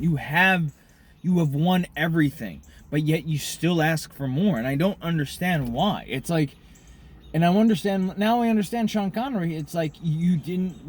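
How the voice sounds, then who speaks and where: A man ranting in a profane monologue to camera, smoking a cigar as he talks, swinging between loud outbursts and muttered asides. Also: a little high. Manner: smoking a cigar while talking. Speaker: vlogger.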